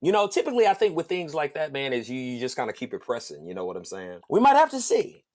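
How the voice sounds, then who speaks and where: A man hosting a podcast, telling a personal story in a casual, slangy, animated way and laughing along the way. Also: mid-range voice, fast talker. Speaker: podcast host.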